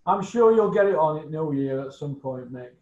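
A man's voice: on the high side, lively intonation, moderate pace, darkish tone. A man hosting a casual chat show, jokey and chatty. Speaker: host. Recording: echoey dull room sound.

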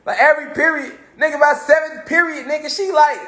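A man giving a casual motivational talk, animated and slangy, swearing freely and swinging between loud and soft. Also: very high-pitched, fast talker. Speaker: motivational speaker. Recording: roomy echo.

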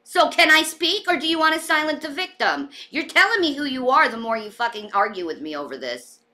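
Woman, high voice, very bright, angry livestream rant, swearing. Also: very animated, brisk. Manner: heated, swearing, venting.

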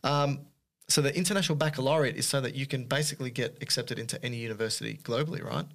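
A man co-hosting a casual podcast, teasing his co-host and reading listener emails aloud with quick asides. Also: mid-range voice, gravelly.

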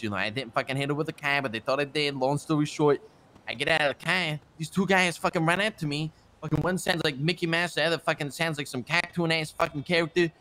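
A streamer playing a swaggering, hot-tempered mobster, telling a rambling, profane story. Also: male voice, medium pitch, bright, forceful tone, a little hiss or hum, natural voice. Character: swaggering Italian-American mobster man, boastful, hot-tempered. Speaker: streamer role-playing in a crime game. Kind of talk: in-character role-play banter.

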